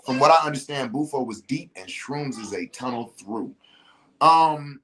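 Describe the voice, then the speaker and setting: Blunt, animated speaker with swooping pitch. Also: moderate pace, a little hiss or hum. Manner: animated, emphatic, swings pitch widely; blunt, profane, slangy. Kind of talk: casual monologue.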